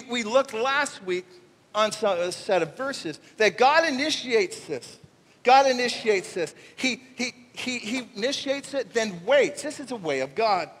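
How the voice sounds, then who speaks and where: A man preaching a conversational sermon as pastor, animated and jokey, acting out little voices. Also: high voice. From Canada. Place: church sanctuary. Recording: long reverb of a church hall.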